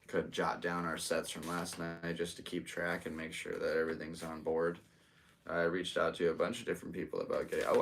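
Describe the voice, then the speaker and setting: A deep-voiced American man in his thirties hosts a solo live podcast. He chats in a loose, easygoing ramble and talks straight to his viewers. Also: creaky, far from the mic. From United States. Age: 30s. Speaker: podcast host and stand-up comedian. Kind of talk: casual solo livestream chat.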